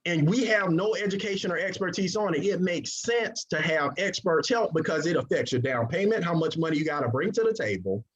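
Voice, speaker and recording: Energetic high-voiced man presenting. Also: brisk, hardly any pauses. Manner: energetic, call-and-response with audience. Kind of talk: motivational sales presentation. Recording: dull lo-fi recording.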